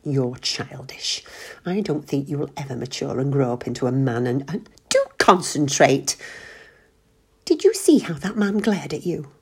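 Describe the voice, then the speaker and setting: Woman reader as exasperated wife, husky, low, scolding. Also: expressive, normal speed, full character voice. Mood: pleading. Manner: pleading and scolding. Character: fed-up wife, cautious then furious.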